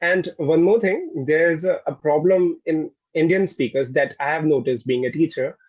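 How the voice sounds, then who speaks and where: A man's voice: on the high side, normal speed, a little mellow, no echo, muffled recording. A man who teaches English, asking short questions and agreeing often on a video call. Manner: agreeable, asks short questions, many back-channel replies. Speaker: English teacher and channel host. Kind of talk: casual interview questions.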